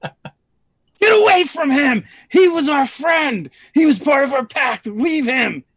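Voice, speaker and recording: A man voicing an anguished, furious male adventurer who shouts in grief. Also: very high voice, lively intonation, drawn-out words, pitched above the performer's own voice, exaggerated voice. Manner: shouting, pleading.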